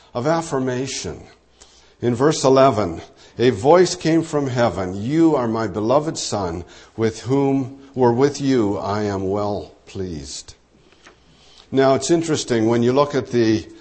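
Man preaching a measured sermon. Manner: measured, explanatory, drops low and soft when quoting. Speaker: pastor.

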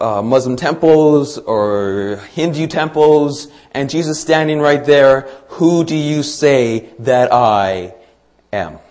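A man's voice: medium pitch, darkish tone. Man preaching a conversational sermon. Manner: conversational preaching with fillers and restarts. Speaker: pastor.

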